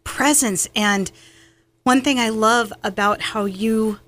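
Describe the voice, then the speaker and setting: A woman's voice: on the high side, slow pace, a bit bright, a little hiss or hum. A woman hosting a faith talk show, effusive and affirming toward her guest. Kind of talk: casual faith chat.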